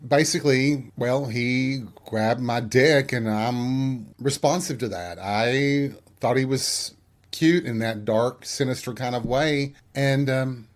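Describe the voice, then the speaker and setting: Middle-aged male host, mid-pitched, candid and conversational storyteller, self-deprecating. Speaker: podcast host. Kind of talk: personal storytelling monologue.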